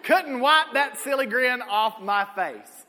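A man, preaching a sermon with folksy stories, swinging from shouted peaks to low asides. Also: lively intonation, slow. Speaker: pastor. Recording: echoey hall.

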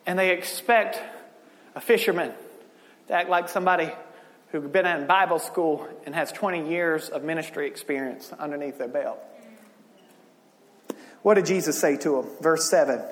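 A male pastor preaching a sermon, joking and conversational, building to shouted emphasis. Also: a little high, lively intonation, moderate pace, big-room sound.

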